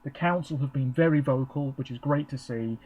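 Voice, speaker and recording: A man's voice: mid-range voice, a little fast, darkish tone, slightly rough, poor audio. A man giving a chatty, rambling live reaction, with frequent ums. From England. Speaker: vlogger. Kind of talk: casual live reaction commentary.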